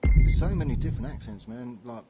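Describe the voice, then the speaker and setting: Animated English man cheering on teammates. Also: mid-range voice, fairly quick, loud music behind the voice. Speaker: gamer. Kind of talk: casual voice chat while gaming. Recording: lo-fi mic with faint game noise.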